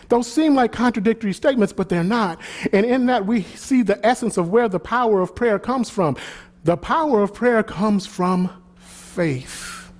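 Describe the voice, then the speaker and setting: A man's voice: sits high, moderate pace, darkish tone. A man, the pastor, preaching a sermon with swelling emphasis and repeated phrases.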